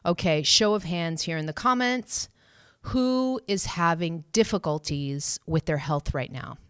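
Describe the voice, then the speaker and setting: A woman hosting a live stream as a spiritual coach, speaking gently and reassuringly, laughing often and acting out inner voices in a high cheery tone. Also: measured pace, clear, resonant tone, no echo, clean studio sound. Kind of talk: live-stream guidance, answering viewer questions.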